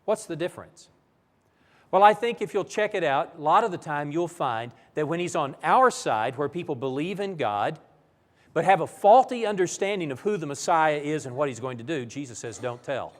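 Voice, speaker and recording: A man's voice: on the high side, moderate pace, in a large hall. A man preaching a Bible lesson in a church, telling the stories vividly. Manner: animated, vivid storytelling. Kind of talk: sermon-style Bible lesson.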